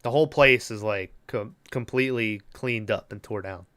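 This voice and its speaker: Bright, crisp-voiced man recapping a movie. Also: fairly low pitch, normal speed. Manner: loose, profane storytelling, acts out characters' lines. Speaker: podcast co-host. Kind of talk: casual movie-recap chat.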